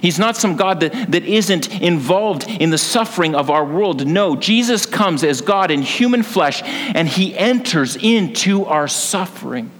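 A man's voice: high-pitched, lively intonation, unhurried, hardly any pauses, a bit bright, long reverb tail. A man preaching a sermon as pastor, earnest and building to passionate emphasis.

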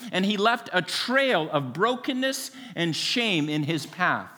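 A man's voice: sits high, lively intonation, moderate pace, few pauses, sharp tone. A man preaching a sermon as pastor, friendly and earnest, with many small fillers. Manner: friendly, joking then earnest, filler-heavy. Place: church sanctuary. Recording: long reverb of a large hall.

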